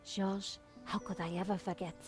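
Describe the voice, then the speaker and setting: A woman's voice: mid-range voice, little pitch movement, moderate pace, over music, close to an everyday voice. An actress voicing a confident, dry-witted female journalist from France in a game.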